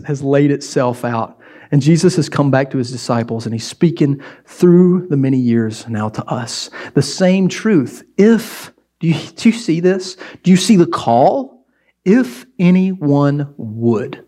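Animated preaching man, fairly high voice. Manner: animated preaching, acts out scenes. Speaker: pastor. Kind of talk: sermon.

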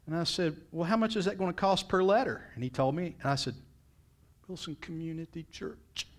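A man's voice: sits high, animated, fast. A middle-aged male pastor preaching a sermon in a storytelling way, his voice jumping up when he quotes people.

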